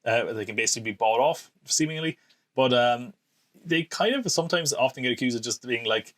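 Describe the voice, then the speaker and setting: Fast-talking guy podcasting. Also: medium pitch, animated, a bit bright. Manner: chatty, opinionated, laughs often, rambling asides. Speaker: podcast host. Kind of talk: casual solo podcast commentary.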